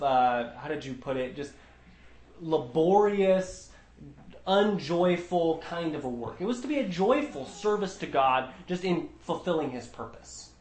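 Man leading a Bible study, slightly high voice, earnest and emphatic, roomy echo. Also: darkish tone. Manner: earnest, emphatic, with frequent restarts.

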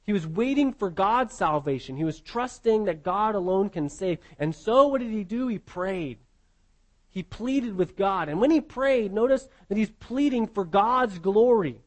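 A man with a notably high-pitched voice delivers an expository sermon. He speaks earnestly and emphatically. He keeps circling back with rhetorical questions to press his point home. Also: lively intonation, unhurried. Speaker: preacher.

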